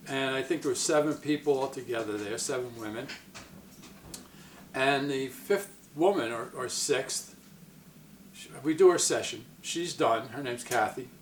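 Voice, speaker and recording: A man's voice: mid-range voice, a little hiss or hum. A man telling a personal story to camera in a casual, rambling way, often stopping and restarting, with a distant mic in an echoey room. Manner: rambling, self-interrupting, retells quotes in other voices. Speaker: psychic medium vlogger.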